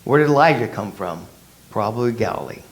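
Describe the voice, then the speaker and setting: A man's voice: fairly low pitch, expressive, a little fast. A man leading a casual Bible study, who asks his class rhetorical questions and acts out the people in the story in his own words.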